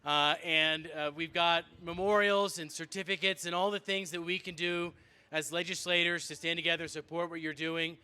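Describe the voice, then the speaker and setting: A man's voice: a little high, steady tone, moderate pace, bright, forceful tone, smooth. A man, a state legislator, giving an earnest, rousing speech to a rally crowd. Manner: earnest, rousing public address.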